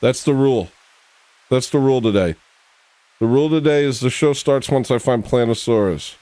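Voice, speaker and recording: This livestream host has a warm, medium-pitched voice at a moderate pace, with no echo. Goofy and rambling, he pokes fun at himself while thanking his viewers on a casual stream.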